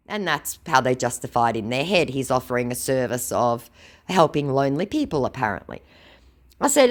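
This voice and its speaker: A woman's voice: deep voice, sing-song, moderate pace. A woman baiting scammers, reading out a chat exchange with sarcastic, mocking and heated remarks. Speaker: scam baiter.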